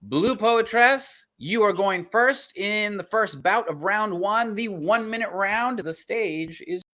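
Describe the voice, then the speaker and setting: A host running a virtual poetry slam over a video call, energetic and hyping up the audience. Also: medium pitch, takes it slowly. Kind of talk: live-stream hosting.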